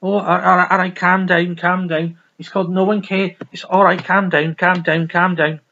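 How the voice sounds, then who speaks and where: A man putting on a mock Liverpool accent, doing a brash, chummy Liverpudlian bloke with loud, repeated catchphrases. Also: sits high, little pitch movement, moderate pace, vocal fry, lo-fi sound, a little hiss or hum, full character voice. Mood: jokey. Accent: put-on Liverpool.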